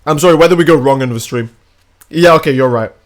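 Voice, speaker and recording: Brash male game streamer, crude and animated. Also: on the high side, quick pace. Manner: animated, crude, reacts to chat and gameplay. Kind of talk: casual live-stream commentary while gaming.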